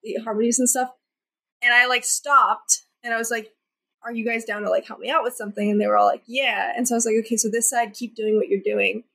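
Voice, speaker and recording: Young female guest, husky and a bit high, rambling casual chat with many fillers. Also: fairly even intonation, quick pace, sharp tone, rough recording. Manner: chatty, many "like" fillers, laughs often. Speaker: singer-songwriter guest.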